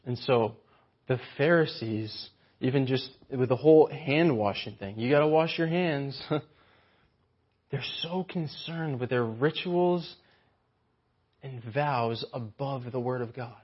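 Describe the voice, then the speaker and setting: A man's voice: mid-range voice, slow pace, slightly rough, lo-fi sound. A man preaching a sermon with animation, often acting out mocking voices of the people he describes.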